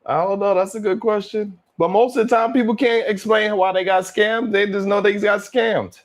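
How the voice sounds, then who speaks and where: A male livestream host who rambles and laughs as he reads out chat names, talking in with plenty of swearing. His voice sits a little higher than most men's. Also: fairly even intonation, moderate pace.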